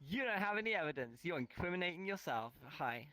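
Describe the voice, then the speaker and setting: Teasing male streamer, bright-ish high register, dry close sound, casual collab chat. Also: big pitch swings, fast, no echo. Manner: playful and teasing, greeting chat.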